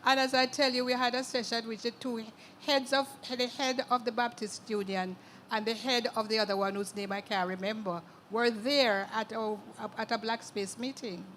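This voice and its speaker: A woman's voice: a little high, steady tone, normal speed, fairly bright tone, a little hiss or hum. Older Jamaican woman, emphatic and earthy. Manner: earthy, emphatic, punctuates with "okay". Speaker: writer and interview guest. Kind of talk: conversational interview at a literary event.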